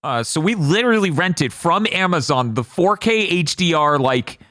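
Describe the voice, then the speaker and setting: Animated ranting man, fairly high voice. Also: normal speed, no room sound, studio quality. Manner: animated, exasperated ranting with swearing. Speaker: podcast co-host. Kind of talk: casual movie review chat.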